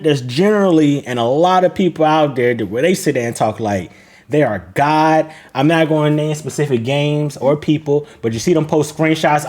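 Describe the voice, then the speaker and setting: A man's voice: a little high, darkish tone. An American man in casual chat as a streamer and co-host, talking bluntly with a lot of cursing. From United States. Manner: blunt, profane, laid-back, laughing.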